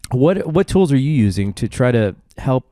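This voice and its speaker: A man's voice: medium pitch, very animated, normal speed, dark tone, no room sound. Texan male podcast host, blunt and self-mocking, dry close-miked studio sound. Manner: self-deprecating, blunt, swears casually. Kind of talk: casual conversation.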